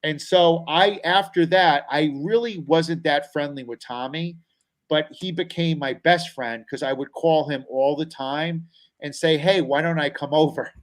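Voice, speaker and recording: A middle-aged man on a talk show, spinning a personal story with an animated delivery. His voice sits a bit high, and he slips into other people's voices when he quotes them. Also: unhurried, poor audio. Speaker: comedian guest.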